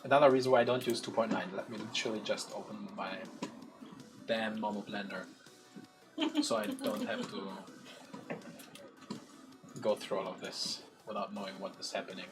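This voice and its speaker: A lower-pitched man with a German accent talks through 3D modeling steps while he works. His delivery is casual and explanatory, with music playing behind him. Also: sing-song, moderate pace, pauses often. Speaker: co-host reviewing 3D models. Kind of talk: casual stream commentary.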